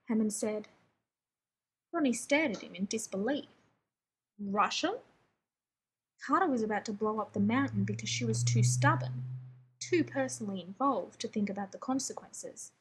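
A woman reading a story aloud in a wry, even way. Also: a little high, normal speed, pauses often, breathy edge, low-quality recording. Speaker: reader.

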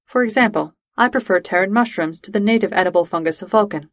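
A woman voicing a calm, formal, logical male alien officer who speaks precisely and without emotion. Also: medium pitch, quick pace, no echo, clean studio sound, lightly acted. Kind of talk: fan-fiction audiobook reading.

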